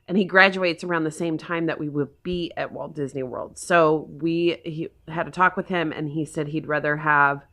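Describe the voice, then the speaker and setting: A woman in her forties from Oklahoma talks straight to her own vlog camera in easy, rambling sentences. Her voice sits a little on the low side, and she gushes with feeling, piling one thought onto the next. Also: fairly even intonation, normal speed, few pauses, a bit bright. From Oklahoma, USA. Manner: gushing, emotional, rambling. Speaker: vlogger. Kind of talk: casual vlog chat.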